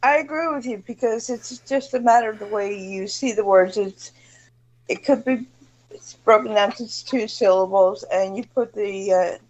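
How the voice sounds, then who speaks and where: A woman's voice: mid-range voice, darkish tone. Brief: woman, mid-range voice, musing explainer, dull lo-fi call audio. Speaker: panelist. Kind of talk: casual group chat.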